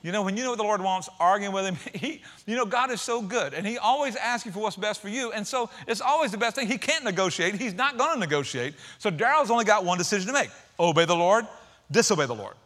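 A man preaching a sermon, retelling a story with emphatic swings between loud outbursts and hushed, quiet passages. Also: high-pitched, lively intonation, fast talker, few pauses.

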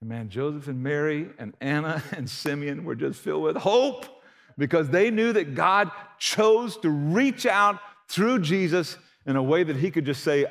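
A man's voice: a little high, animated, moderate pace. A man preaching a sermon in a folksy, emphatic, conversational way. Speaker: pastor.

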